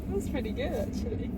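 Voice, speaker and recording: Woman, playful teasing banter, high pitch, off-mic over loud car noise. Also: far from the mic. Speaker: partner on a car ride. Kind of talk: casual banter.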